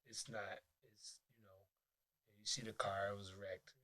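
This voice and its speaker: A man with a Detroit accent, a podcast guest telling stories in casual, profane, animated talk with many restarts. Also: on the low side, unhurried. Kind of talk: casual interview chat.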